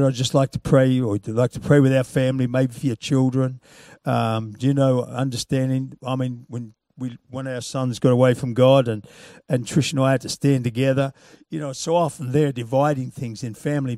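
A man preaching a sermon, moving from loud, punchy calls to quiet, chuckling storytelling. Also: medium pitch, fairly even intonation, fairly quick, no room sound, clean studio sound.

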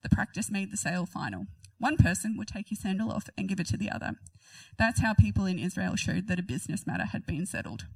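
A woman's voice: medium pitch, lively intonation, quick pace, vocal fry, hardly any pauses, slightly rough, no room sound, far from the mic, poor audio. A woman reading a Bible passage aloud and commenting on it in a chatty, giggly way. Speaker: Bible teacher.

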